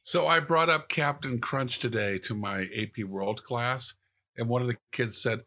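A man's voice: mid-range voice, moderate pace. An older man, a podcast co-host and teacher, telling stories in casual chat. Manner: storytelling, animated. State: short on sleep.

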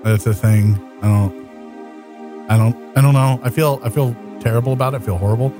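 A man co-hosts a podcast, stammering and restarting often as he plays up a self-pitying tone. A music bed is clearly audible under his voice. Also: medium pitch, brisk. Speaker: podcast co-host. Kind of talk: casual podcast chat.

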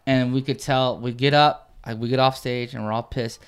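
A man's voice: mid-range voice, moderate pace, clear, resonant tone. A young man, a dance crew member, telling stories in a casual chat with lots of "like" fillers. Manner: animated storyteller, frequent "like" fillers.

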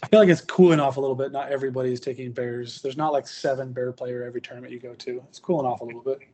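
A man hosting a relaxed podcast chat about tabletop wargaming, rambling with restarts and fillers. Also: medium pitch, racing, a little hiss or hum. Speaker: podcast host.

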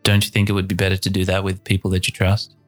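A reasoning gnome companion, voiced by a man, measured and questioning. The voice sits low and barely moves in pitch. Faint music plays underneath. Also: monotone, lightly acted. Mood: concerned.

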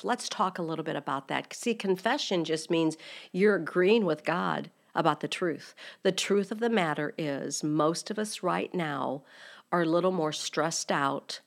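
A woman's voice: sits low, unhurried, vocal fry. A middle-aged woman hosting a faith-based podcast, teaching in an earnest, direct way and asking her listeners many rhetorical questions. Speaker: podcast host.

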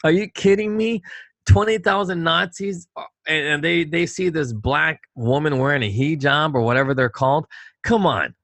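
A man's voice: fairly high pitch, normal speed, a bit bright, no echo. Middle-aged man, talk co-host, emphatic and rhetorical, dry close sound. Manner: emphatic, rhetorical, repeats himself. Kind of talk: casual political talk.

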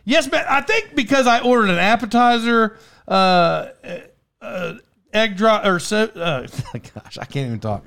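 A man's voice: sits high, lively intonation, unhurried, gravelly, a bit bright, smooth. Rambling, laughing male podcast host. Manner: rambling, self-interrupting, laughs often. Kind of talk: casual storytelling chat. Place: podcast studio.

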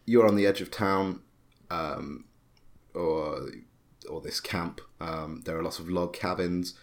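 A man's voice: deep voice, steady tone, slow. A man narrating a tabletop game as game master, hesitant with many fillers and restarts.

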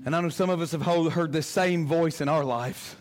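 Male pastor, sermon, impassioned, repeats himself, high voice. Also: fairly quick, slight background noise. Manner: impassioned, emphatic, repeats phrases.

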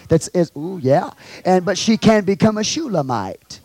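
A Texan man preaches a sermon in a high tenor. He calls out to his congregation, swings from hushed asides to loud shouts, and the sound is close and dry. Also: expressive, moderate pace, no room sound. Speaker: pastor. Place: church.

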